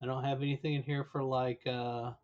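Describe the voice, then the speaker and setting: A man's voice: medium pitch, level tone, fairly quick, darkish tone, dull audio. Man streaming a game, voice cracking. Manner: muttering, troubleshooting aloud, mildly exasperated. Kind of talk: casual live-stream chat.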